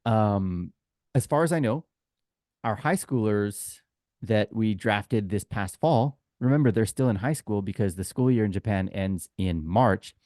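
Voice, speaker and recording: Canadian male podcast co-host, lowish voice, dry close sound, chatty and wisecracking. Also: animated, a little slow, a little mellow, no room sound. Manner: chatty, joking, opinionated. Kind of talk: casual podcast chat.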